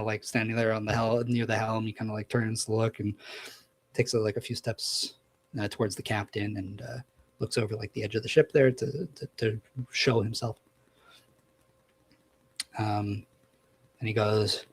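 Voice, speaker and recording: A man's voice: fairly low pitch, level tone, moderate pace, pauses often, rough recording. A man narrating as game master in a casual tabletop session, with lots of fillers.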